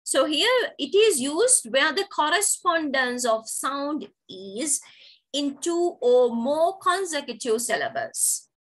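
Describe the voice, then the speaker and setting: Slow, high-voiced woman teaching poetry. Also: animated, fairly bright tone, poor audio. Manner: slow, explaining step by step with repeated terms. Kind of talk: online poetry lesson. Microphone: video call.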